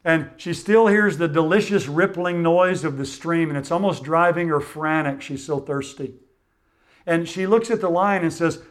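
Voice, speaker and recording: Male pastor, earnest sermon delivery, slightly high voice, trailing off softly at phrase ends. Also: moderate pace.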